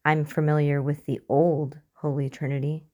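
Woman narrating a guarded mother, low and mellow, tight and clipped. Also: fairly even intonation, measured pace. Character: guarded fierce mother, barely contained anger.

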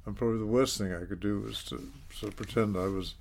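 An older man, telling his story in a measured, self-deprecating way in an interview. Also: fairly low pitch, fairly even intonation, vocal fry, darkish tone, a little hiss or hum. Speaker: interview guest, former politician. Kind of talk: reflective storytelling.

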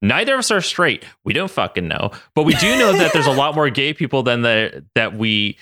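Young male podcast co-host, expressive bright voice, casual and quick to laugh. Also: medium pitch, dry recording, studio quality. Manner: animated, laughs often, reads listener mail aloud with voices. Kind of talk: casual chat.

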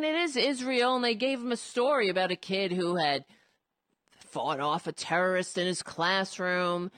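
A woman's voice: a little high, fairly bright tone, dry recording. A woman giving casual political commentary, indignant and sarcastic, rambling with frequent restarts. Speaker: commentary host.

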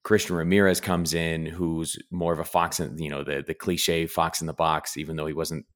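A man co-hosting a podcast in casual chat, relaxed and hesitant, with frequent "um"s as he thinks. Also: extremely low pitch, normal speed. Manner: relaxed, hesitant, many fillers. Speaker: podcast co-host.

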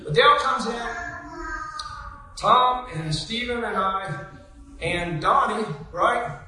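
A woman telling stories in a sermon, chatty and animated, laughing as she goes. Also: mid-range voice, slow. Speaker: preacher. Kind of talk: storytelling sermon. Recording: echoey church hall, mic from a distance.

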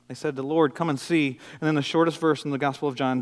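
A man's voice: fairly high pitch, fairly even intonation, quick pace, hardly any pauses, big-room sound. Passionate man preaching a sermon. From Detroit area, USA. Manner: passionate, swinging between loud intensity and quiet intimacy. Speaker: pastor.

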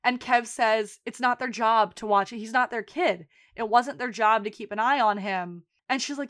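Chatty woman recapping a show, a bit high. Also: normal speed, few pauses. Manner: animated retelling with quoted voices. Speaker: podcast co-host. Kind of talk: casual chat recapping a TV episode.

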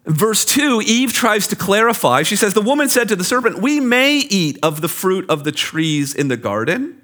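Lively, bright-voiced male preacher. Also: high voice, moderate pace. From Canada. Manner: animated preaching with vivid everyday examples. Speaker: pastor. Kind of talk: sermon. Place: church.

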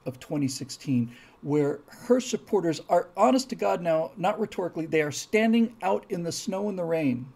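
Gravelly heated male stream host. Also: high voice, expressive, moderate pace, a little mellow. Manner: heated, emphatic, repeats words when worked up. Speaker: live stream host reading viewer comments. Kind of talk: rambling opinionated commentary.

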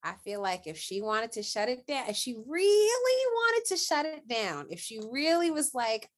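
A woman's voice: on the high side, moderate pace, hardly any pauses. A woman co-hosting a casual chat, reacting expressively to a TV episode. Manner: expressive, reacts with gasps and laughs. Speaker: podcast co-host.

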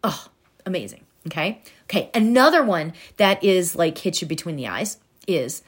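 A woman giving an earnest motivational talk, speaking directly to the listener and dropping to soft, near-whispered tones for affirmations. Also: lowish voice, sing-song, moderate pace, breathy edge. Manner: talks directly to the listener with many "right?" tags. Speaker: self-help speaker.

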